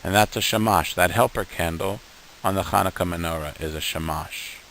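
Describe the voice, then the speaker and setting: A man teaching beginners, patient and slow, sounding out each syllable and repeating words for the learner to copy. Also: sits low, a bit bright, a little hiss or hum, low-quality recording. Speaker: Hebrew teacher. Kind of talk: beginner language lesson.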